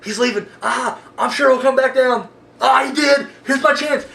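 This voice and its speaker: A man's voice: extremely high pitch, moderate pace, vocal fry, bright, forceful tone, recorded from a distance, slight background noise, exaggerated voice. A man voicing a gleeful masked slasher killer who toys with his victims, speaking in smug, chuckling asides. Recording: roomy sound, away from the mic.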